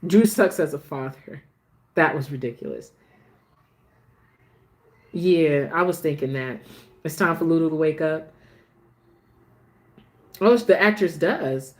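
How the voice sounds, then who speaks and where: A woman hosting a casual soap opera recap, chatting warmly and restarting her sentences as she gets emotional about the show. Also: sits low, slow, pauses often. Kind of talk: casual chat.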